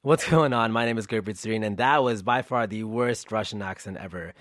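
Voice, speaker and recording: A man's voice: fairly low pitch, a little fast, dry recording, studio quality. Playful upbeat man hosting a podcast. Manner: upbeat and playful, with swings in loudness. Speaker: podcast host. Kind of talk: casual podcast intro.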